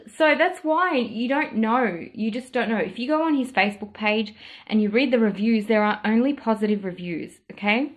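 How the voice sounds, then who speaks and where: A woman telling a story in a casual vlog, in an animated and indignant way, acting out the other people's lines. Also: on the high side. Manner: animated, indignant retelling with quoted dialogue. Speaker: perfume vlogger.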